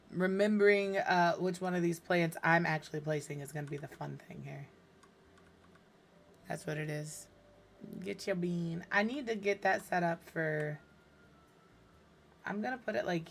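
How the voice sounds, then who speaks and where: A woman streaming a game, hoarse with her voice fading, chatting tiredly and muttering to herself as she builds. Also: lowish voice, slight background noise. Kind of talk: casual gameplay streaming chat.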